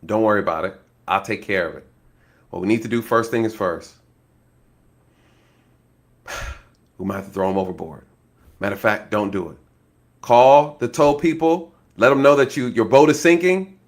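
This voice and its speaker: A man voicing a calm, scheming older man who quietly takes control of a cover-up. He speaks low and hushed, giving orders. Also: moderate pace, close to an everyday voice.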